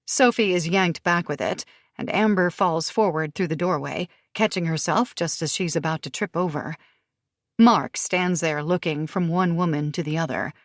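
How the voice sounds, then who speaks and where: Low-voiced woman narrating a thriller. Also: normal speed, no echo, studio quality. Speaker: audiobook narrator.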